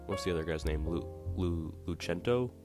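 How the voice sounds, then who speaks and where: Man playing a firm father laying down terms, low voice, guitar music behind. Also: normal speed. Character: stern bargaining father of two daughters.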